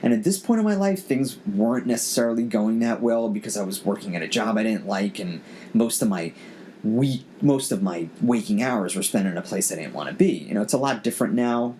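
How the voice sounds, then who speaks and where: With a fairly low pitch and lively intonation, this podcast host talks fairly quickly in a mellow tone. He tells a personal story earnestly and emotionally, often repeating his words, in a casual storytelling chat. There's slight background noise.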